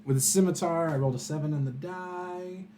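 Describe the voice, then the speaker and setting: A man running a tabletop game as game master, narrating in a casual, halting way with many fillers. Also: a little high, warm tone, a little hiss or hum.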